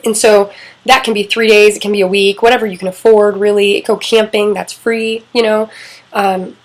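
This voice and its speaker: A woman's voice: medium pitch, fairly even intonation, normal speed, low-quality recording. A middle-aged woman coaching on relationships in a casual, candid talk, swearing freely and acting out quoted lines.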